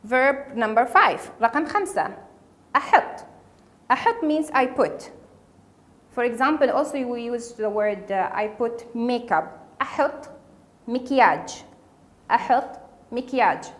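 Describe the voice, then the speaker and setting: A woman's voice: fairly high pitch, animated, normal speed, long pauses. A woman teaching a casual spoken language lesson, patiently repeating each word for learners. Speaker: Arabic dialect teacher.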